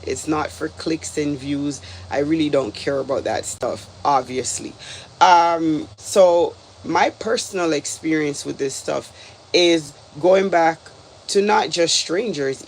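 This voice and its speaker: A man's voice: a little high, gravelly, a little hiss or hum. A man from Canada talking casually as a reaction video host, exasperated and rambling, with lots of "like"s. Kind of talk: casual commentary.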